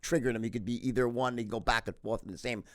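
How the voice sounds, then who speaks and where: This fast-talking middle-aged man has a mid-range voice and appears as a podcast guest. He swears heavily while animatedly telling stories in casual interview style, often restarting and saying "right?".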